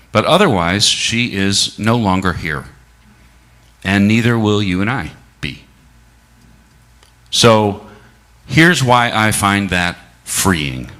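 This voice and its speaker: A middle-aged man speaking a sermon at a church service, reflective and unhurried, posing many rhetorical questions to the congregation and slowing down for emphasis. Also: deep voice, pushed and bright.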